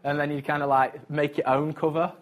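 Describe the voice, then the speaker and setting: Man, preacher, casual chatty sermon, self-mocking, slightly high voice. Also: flat delivery, brisk.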